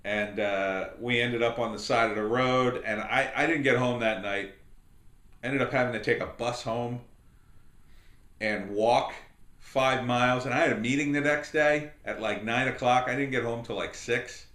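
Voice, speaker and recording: A middle-aged man hosting a podcast speaks in a medium pitch at normal speed, the sound roomy around him. He wanders through a long anecdote as casual storytelling commentary, animating every quoted voice.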